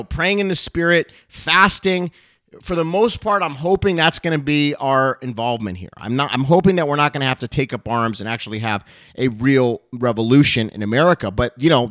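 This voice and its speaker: A man's voice: on the high side, fairly bright tone, dry recording. A middle-aged male pastor and show host giving an urgent, impassioned monologue that turns into fervent prayer.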